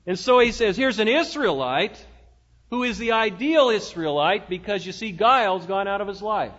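A man's voice: high voice, normal speed, fairly bright tone. A man preaching a sermon as pastor, in a folksy, conversational way with rhetorical asides to the congregation. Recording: dull lo-fi sound in a reverberant hall.

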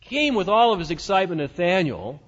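A man with a high voice delivers a sermon, folksy and conversational, tossing asides to his listeners. The sound is dull and lo-fi, and his words ring out with a long echo in a large hall. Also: very animated, a little fast, fairly bright tone. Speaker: pastor.

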